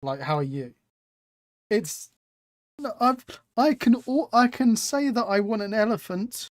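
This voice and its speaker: A man's voice: high voice, lively intonation, unhurried, no echo, clean studio sound. A man hosting a live stream, chatting casually and reading out chat with self-mocking humor. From England.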